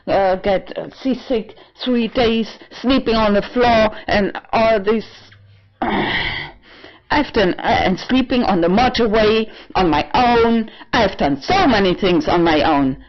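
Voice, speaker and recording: Slow, rambling woman with halting speech. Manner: halting and digressive, with many fillers and restarts; slips into shrill high sarcastic outbursts. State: tipsy. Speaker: vlogger. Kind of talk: rambling personal monologue. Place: home apartment. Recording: dull lo-fi home recording.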